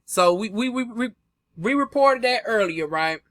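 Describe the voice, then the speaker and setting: A sassy, flamboyant young man dishes celebrity gossip to his viewers in a high, lively voice. His tone is bright and sharp, and the recording is dry and close, with no room sound at all. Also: normal speed, dry recording. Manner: sassy and flamboyant, full of "honey" and drawled asides. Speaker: gossip vlogger. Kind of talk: casual gossip commentary.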